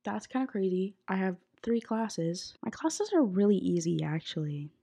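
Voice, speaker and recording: A woman's voice: mid-range voice, expressive, normal speed, vocal fry, mellow, husky. A young woman hosting a podcast, chatting casually with lots of fillers, a bit sick. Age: young adult. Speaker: podcast host. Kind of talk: casual chat. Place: college apartment bedroom.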